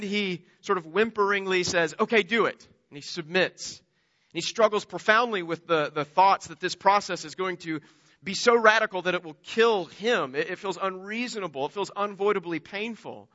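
High bright-voiced guy preaching a sermon, earnest storyteller, muffled lo-fi sound. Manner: earnest storytelling, repeats words as he restarts.

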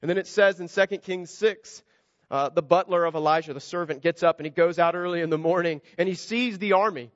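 A man's voice: high voice, fairly quick, no echo, in a large hall, dull audio. A man preaching a sermon, earnest and conversational, asking rhetorical questions of his listeners. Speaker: pastor.

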